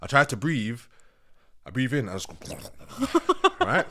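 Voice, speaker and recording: A man's voice: medium pitch, lively intonation, moderate pace, bright, forceful tone. A young man casually telling a funny story, laughing often and acting out his own thoughts.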